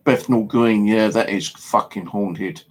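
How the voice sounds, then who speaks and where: A man's voice: lowish voice, measured pace, husky. A man with an English accent telling a rambling, casual story, heavy on fillers and swearing. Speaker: paranormal vlogger. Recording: home video monologue.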